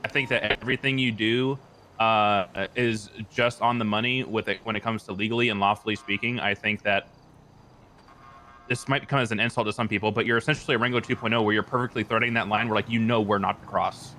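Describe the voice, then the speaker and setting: A man playing a police officer in a role-play game, speaking bluntly in quick run-on sentences. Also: fairly low pitch, fairly even intonation, pushed and bright, slight background noise. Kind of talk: in-character role-play chat.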